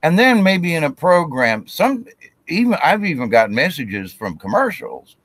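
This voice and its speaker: A man's voice: a little high, big pitch swings, a little slow, fairly bright tone, no room sound. A man giving a casual spiritual talk, rambling with restarts and acting out quotes of himself and others.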